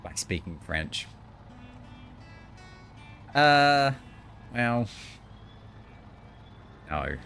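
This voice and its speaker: A man's voice: mid-range voice, big pitch swings, drawn-out words, gravelly, pauses often, fairly bright tone, faint music behind. A man, joking and rambling casually while he streams a game. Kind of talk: casual gaming commentary.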